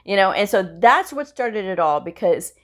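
A woman talking on her vlog in a relaxed, chatty way, recording at home. She tells stories from her job as a medical coder and acts out quoted lines, jumping up in pitch for them. Her pitch sits in the middle of the usual range for a woman. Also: normal speed. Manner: animated, acts out quoted dialogue with pitch jumps; conversational, frequent "you know" and "okay?". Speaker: medical coder sharing career advice. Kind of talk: casual storytelling vlog.

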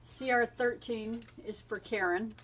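A woman's voice: fairly high pitch, fairly even intonation, unhurried, a bit bright, slight background noise. A woman co-hosting a live shopping stream, joking, laughing and relaying viewer orders. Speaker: co-host taking orders.

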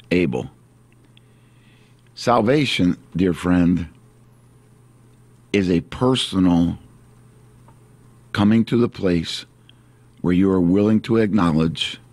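A man preaching a sermon as pastor, earnest and repetitive, slowing down on key phrases. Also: low-pitched, darkish tone, breathy edge, no echo.

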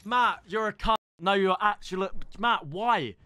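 A young man streams his game live, excitable and quick to swear at other players. His voice sits high and bright, with sharp, tense edges to it. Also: clean tone.

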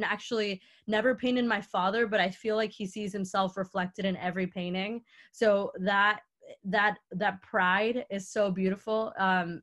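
A woman's voice: mid-range voice, a bit bright. A young woman from Mexico, an artist, telling a heartfelt personal story in a lecture Q&A over a video call. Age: young adult. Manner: earnest, heartfelt, acts out quoted dialogue.

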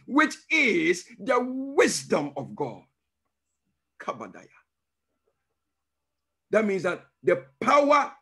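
Husky, high-voiced preaching pastor. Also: male voice, a bit bright. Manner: emphatic, with call-and-response questions; breaks into speaking in tongues. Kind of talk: teaching sermon.

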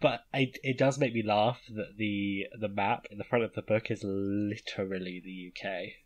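A man with an English accent co-hosting a podcast in casual chat, quick to laugh and exclaim. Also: on the low side, fairly even intonation. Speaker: podcast co-host.

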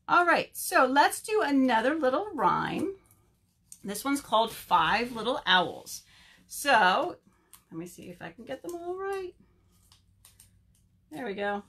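A woman librarian leading a virtual story time, reading a picture book aloud and chatting to young children in an animated way. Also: medium pitch, vocal fry, slightly rough. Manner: animated, slow, talks to children.

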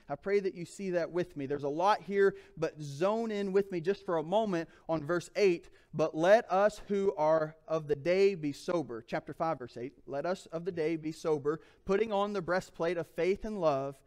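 A man's voice: fairly high pitch, a little mellow. A man preaching a sermon as pastor, reading scripture and calling out to the congregation. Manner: emphatic, calls out to the congregation.

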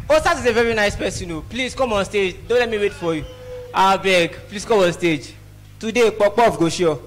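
A man with a Nigerian accent doing a lively stand-up set at an event, teasing the crowd and slipping into pidgin. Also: high voice, fairly quick, slight background noise. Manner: lively, mixes pidgin, teases audience. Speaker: stand-up comedian. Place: event hall.

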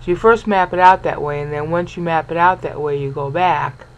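A woman's voice: deep voice, fairly quick, rough recording. A woman teaching a Bible lesson over on-screen text, sounding out words syllable by syllable and checking in with the listener. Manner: explanatory, checks in with "okay?" and "all right?".

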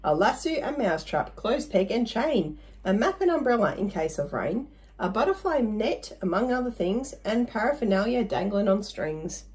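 A woman's voice: medium pitch, very animated, normal speed, darkish tone, rough recording. A woman reading a rhyming children's story aloud, playful, with little asides to the listener.

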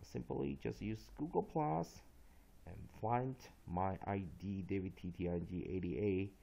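Slow, gravelly Taiwanese male teacher. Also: medium pitch, dark tone. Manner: slow, drawn-out spelling and repetition of sounds. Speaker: English pronunciation teacher. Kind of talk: spoken phonics lesson. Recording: dull lo-fi recording.

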